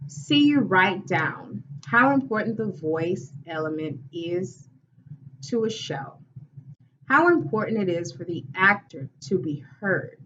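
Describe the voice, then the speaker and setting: A woman theatre teacher giving a lesson in a slow, deliberate, instructive way. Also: medium pitch, a bit bright. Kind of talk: recorded classroom lesson. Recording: dull, distant recording with faint hiss.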